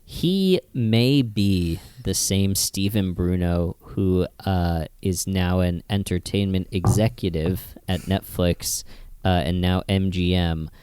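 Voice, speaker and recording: A man co-hosting a comedy podcast, recapping scenes and adding dry, deadpan trivia asides. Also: sits low, takes it slowly, smooth. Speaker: podcast co-host. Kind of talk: casual comedic podcast chat.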